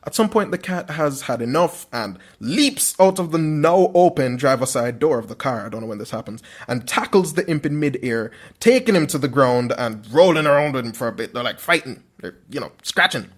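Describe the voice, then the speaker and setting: A man's voice: mid-range voice, expressive, normal speed, hardly any pauses. A young man hosting a podcast, retelling a dream with wry, self-mocking asides and theatrical flourishes. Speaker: podcast host.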